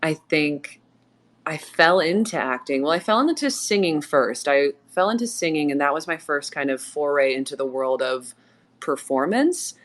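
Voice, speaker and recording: A woman with a notably low voice chats casually as the guest of a live audio Q&A. She tells stories with animation and plays out remembered dialogue. The sound comes through a simple call microphone. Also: normal speed. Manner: animated storyteller, laughs often, acts out quotes. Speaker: actress and AMA guest. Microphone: remote audio call mic.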